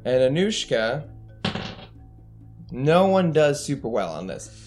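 A man running a tabletop game as games master, narrating in a casual, animated way. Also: mid-range voice, slow pace, music in the background.

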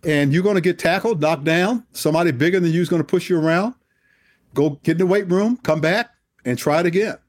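A man in his sixties, a retired general, telling a personal story in an animated, emphatic way. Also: a little high, a little fast, dry recording, clean studio sound. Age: 60s. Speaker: guest, retired Air Force general. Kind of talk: storytelling in an interview.

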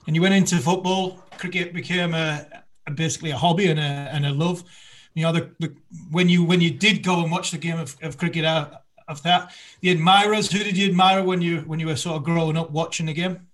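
A man, a former fast bowler, interviewing a guest in a relaxed sports chat and rambling through anecdotes. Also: on the high side.

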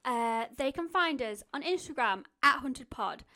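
A woman with a high, light voice co-hosts a podcast in relaxed conversation. She chimes in often, agreeing and backing up her partner. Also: unhurried. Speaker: podcast co-host. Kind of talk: casual chat.

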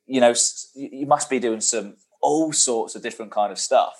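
Male podcast co-host, mid-pitched voice. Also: moderate pace. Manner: short reactions and plain questions. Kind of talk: casual interview chat.

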